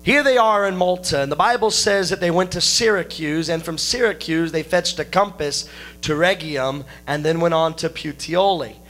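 A man preaching a sermon to his congregation, explaining scripture with folksy jokes and friendly asides to listeners, with a steady hum behind him. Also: fairly high pitch, normal speed. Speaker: pastor.

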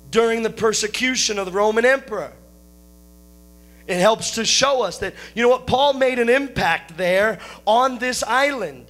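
High-voiced preacher with folksy asides. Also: male voice, a bit bright. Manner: folksy, joking asides to the congregation. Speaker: pastor. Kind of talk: sermon.

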